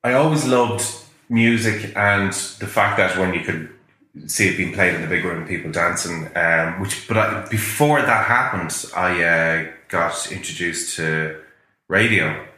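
A man who is a guest in a casual interview, wandering through long anecdotes as he talks. His voice is bright and sits a little low. The room around him is very echoey. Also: a little slow. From Ireland. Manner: rambling, anecdotal storytelling.

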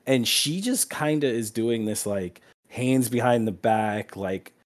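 A man's voice: mid-range voice, slow pace. A man narrating as game master in a tabletop game, laughing often and using many fillers.

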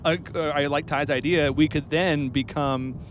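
A man's voice: fairly high pitch, moderate pace, slight background noise. A man chatting casually in a group, joking and jumping in often. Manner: jokey, excitable, jumps in often. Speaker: panelist.

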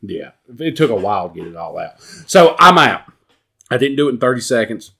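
Man, casual storytelling, lively swooping pitch, profane, animated. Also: a little fast, vocal fry. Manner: animated, profane, jumps into high voices for quotes.

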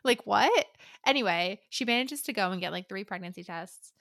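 Woman, casual book-podcast co-host, mid pitch, dry close mic. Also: animated, normal speed, creaky, a bit bright, dry recording. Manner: chatty, lots of fillers, acts out characters' lines.

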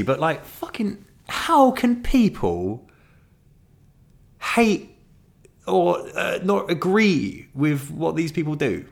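A young man delivers a casual monologue, speaking frankly, swearing often, and rambling with restarts as he shares his thoughts. His voice is a little high with vocal fry.

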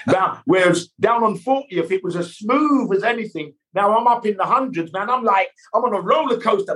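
A middle-aged man, a guest actor, telling anecdotes with lively sound effects and voices. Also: sits high, moderate pace. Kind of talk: animated storytelling.

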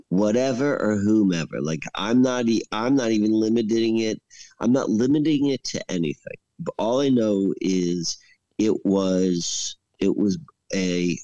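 A man with a lowish voice, recorded dry, tells a long, rambling story in casual chat as a podcast storyteller. He's animated, laughing as he goes, and his speech is packed with fillers and heavy use of "like."

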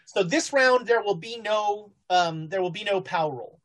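A woman narrating as game master of a tabletop horror game, halting often with fillers. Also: mid-range voice, animated.

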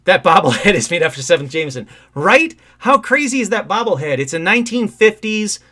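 An excitable man hosts a call-in livestream from his home. His voice sits a little high and bright, and it swings widely in pitch as he rambles and breaks into sudden outbursts. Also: fairly quick. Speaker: host of a call-in livestream show. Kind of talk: casual live-stream chat.

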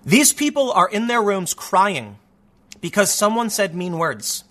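Guy ranting in a sarcastic commentary show, high tense voice, lots of restarts. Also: very animated, a little slow, fairly bright tone. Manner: sarcastic, rambling, many restarts. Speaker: commentary host. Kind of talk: opinion commentary monologue.

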